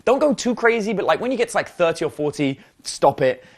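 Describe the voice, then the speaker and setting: A man teaching as a dating coach, telling a story in a chatty, animated way with lots of fillers. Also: high voice, brisk. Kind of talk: casual storytelling lesson.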